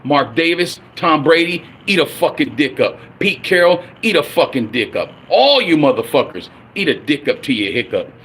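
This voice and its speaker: A man's voice: fairly high pitch, big pitch swings, moderate pace, few pauses, fairly bright tone, slight background noise. Angry profane man in his forties. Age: 40s. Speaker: livestream host. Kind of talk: profane fan rant on a livestream.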